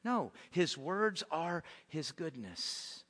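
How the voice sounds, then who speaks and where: A man preaching a sermon in a lively, conversational way, often repeating words as he restarts his sentences. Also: fairly high pitch, very slow. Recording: echoey hall with long reverb.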